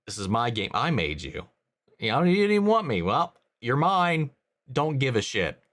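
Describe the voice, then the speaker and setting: A controlling male vampire, voiced by a man spits out demands with mocking scorn. The voice sits in a middle pitch, casual rather than theatrical. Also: sing-song, normal speed, a bit bright. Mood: domineering. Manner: mocking, bullying paraphrase.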